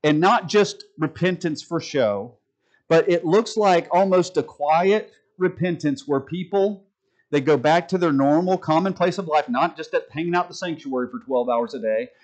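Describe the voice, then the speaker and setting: A man preaching a sermon to his church, his voice sitting a little higher than most men's. He talks in a folksy way and slips joking asides to the congregation between his points. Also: darkish tone, rough recording. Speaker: pastor. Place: church sanctuary.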